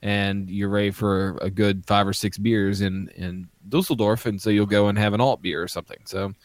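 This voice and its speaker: Man, low voice, hesitant casual podcast host, dry close mic. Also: steady tone, moderate pace, dry recording. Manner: hesitant, many ums and restarts. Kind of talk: casual chat, reading through beer styles.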